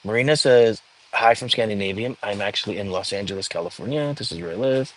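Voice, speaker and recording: A man's voice: on the low side, quick pace, slight background noise. A young man hosting a casual livestream, reading viewer comments aloud and chatting back in an easygoing way. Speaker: livestream host. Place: home.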